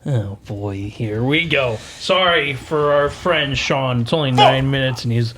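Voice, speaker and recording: A man's voice: medium pitch, unhurried, heavy background noise. A man co-hosting a casual sports podcast, easygoing, steering the talk along with fillers. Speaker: podcast co-host.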